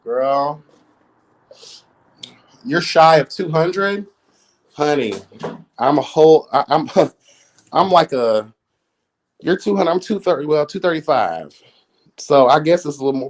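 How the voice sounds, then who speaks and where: A man in his late thirties hosting a livestream, chatting with viewers in a sassy, campy, animated way. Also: a little high, slow pace, pauses often, no echo, studio quality. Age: 30s. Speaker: livestream host. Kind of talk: casual chat with viewers.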